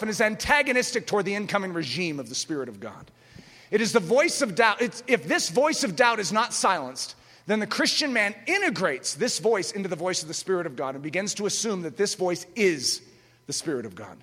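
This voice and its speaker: A man preaching an impassioned sermon, emphatic, with rhetorical questions and sudden loud outbursts, in a large hall. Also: sits high. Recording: echoey hall with long reverb.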